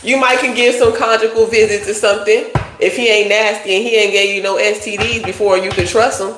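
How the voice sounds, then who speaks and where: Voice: mid-range voice, fairly even intonation, fairly quick, fairly bright tone, soft background music. A tarot reader giving a casual livestream reading, talking bluntly in profane slang. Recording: roomy echo.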